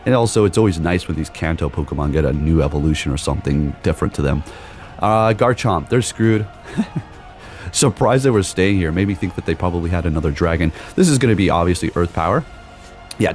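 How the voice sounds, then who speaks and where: A young man giving excitable live commentary on his game, talking straight to viewers and exclaiming at big moments. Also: deep voice. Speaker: gaming YouTuber. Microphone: desk microphone.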